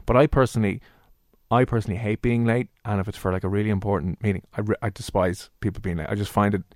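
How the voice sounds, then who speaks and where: An Irish man co-hosting a radio show, telling anecdotes in casual chat and jumping up in pitch to act out quotes. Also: fast, dry recording, clean studio sound. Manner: animated storyteller, jumps high to act out quotes. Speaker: radio co-host.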